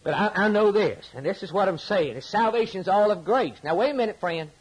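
A man delivers an impassioned sermon. His voice is husky, and his pitch swoops widely as he stacks up repeated lines, then drops low for quiet points. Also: lively intonation, a little fast, low-quality recording. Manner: impassioned, preaching with rising and falling emphasis and repetition. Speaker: preacher.

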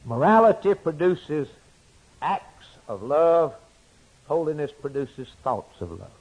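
A man preaching a sermon, swinging between loud emphatic declarations and hushed, quiet asides. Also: a little high, sing-song, slow, husky, muffled recording.

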